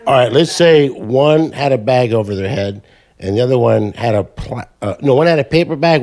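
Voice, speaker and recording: A man's voice: mid-range voice, expressive, moderate pace, darkish tone. A man in a casual podcast chat, joking and throwing in crude quips.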